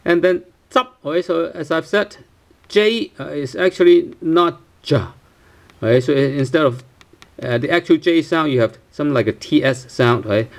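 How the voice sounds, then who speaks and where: A man's voice: on the high side, normal speed. A male teacher walks through a pronunciation lesson, stopping often with fillers and checking in with "right?" He repeats each sound several times so learners can copy it. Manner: hesitant, many fillers and tag questions, repeats sounds for practice. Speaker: language teacher.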